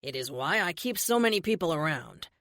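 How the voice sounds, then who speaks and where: A woman playing a smug, menacing male villain in an audiobook, speaking slowly and condescendingly. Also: low-pitched, big pitch swings, fairly bright tone, no room sound, clean studio sound, full character voice. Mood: smug menace. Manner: slow, condescending, self-assured. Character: smug, menacing man, centuries-old villain.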